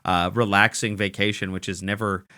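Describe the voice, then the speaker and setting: A man's voice: on the low side, steady tone, normal speed, sharp tone. A man hosting a comedy podcast, telling a long rambling story in casual chat with frequent "um"s and restarts. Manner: rambling, lots of fillers and restarts. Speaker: podcast host.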